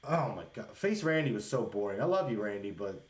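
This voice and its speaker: A man chatting casually on a podcast, excitedly rambling about wrestling shows. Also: on the low side, fairly quick. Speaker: podcast co-host. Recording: echoey room.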